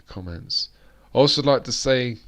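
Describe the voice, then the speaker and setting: A man's voice: medium pitch, lively intonation, moderate pace, fairly bright tone. A British man hosting a live-stream chat, rambling along with plenty of fillers and restarts. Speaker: host.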